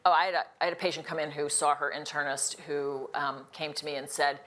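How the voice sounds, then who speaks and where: A woman's voice: deep voice, steady tone, fairly bright tone. A middle-aged woman internist speaking earnestly on a live panel, with frequent restarts. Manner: earnest, fast-talking, with many restarts and "again".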